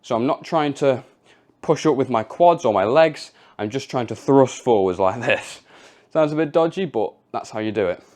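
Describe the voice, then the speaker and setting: A young man talks through a home workout as he demonstrates each move. His delivery is chatty and informal, at an ordinary pitch. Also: lively intonation, normal speed, a little mellow. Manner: casual, chatty, demonstrating moves while explaining. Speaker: fitness coach.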